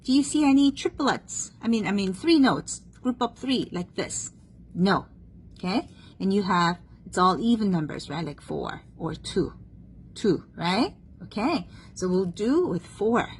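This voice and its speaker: A woman's voice: mid-range voice, lively intonation, unhurried, a little hiss or hum, rough recording. A woman teaching a one-on-one music theory lesson, patient and checking understanding often, having the student repeat terms after her.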